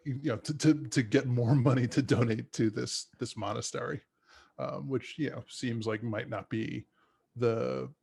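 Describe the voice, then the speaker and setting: A man's voice: medium pitch, vocal fry, darkish tone, breathy edge. A man co-hosting a podcast, chatting casually about movies in a rambling way with frequent restarts. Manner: rambling, many restarts and fillers. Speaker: podcast co-host.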